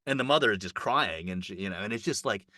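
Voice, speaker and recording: Speaking fast, this chatty man rattles off a loose, conversational account of a festival, full of fillers and false starts. His fairly low voice is bright and forceful, spiking upward in excitement, and the close recording has no echo.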